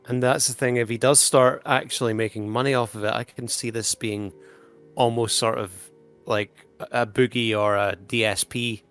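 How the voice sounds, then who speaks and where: A man's voice: medium pitch, fairly even intonation, a bit bright, clear, resonant tone, faint music behind. A man hosting a casual podcast, joking wryly and laughing along with his guest. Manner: wry, quick to laugh and joke.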